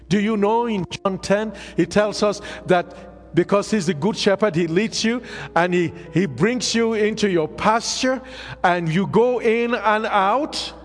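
High-voiced preacher in an echoing hall. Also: male voice. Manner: call-and-response preaching, drawn-out emphatic phrases. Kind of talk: sermon. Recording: music under voice, long hall reverb.

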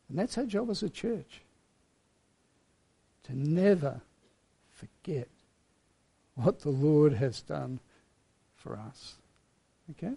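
A middle-aged man delivers a sermon from the pulpit, his voice slightly high for a man and edged with gravel. He speaks earnestly, telling stories and letting key words settle with gentle pauses. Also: animated. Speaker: pastor.

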